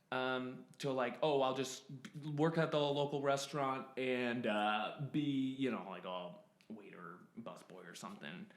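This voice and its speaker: A young man in his twenties telling a rambling personal story, stopping and restarting often and laughing at himself. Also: medium pitch. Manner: self-interrupting, laughs at himself, many fillers. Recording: roomy echo.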